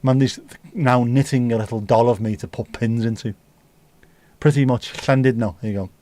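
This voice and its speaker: Swearing livestream host. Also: male voice, mid-range voice, fairly even intonation, moderate pace, warm tone, no room sound. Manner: banter with swearing and mock accents. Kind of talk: casual livestream chat.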